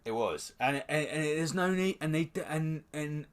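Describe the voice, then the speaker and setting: A young British man co-hosting a podcast, ranting in animated casual chat and swearing freely. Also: a little high, moderate pace. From United Kingdom. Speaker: podcast co-host.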